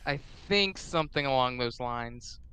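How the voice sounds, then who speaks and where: A man's voice: mid-range voice, lively intonation, a little slow, sharp tone, clear, resonant tone, no room sound. A man co-hosting a casual live stream, cracking dry, sarcastic jokes. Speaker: stream co-host.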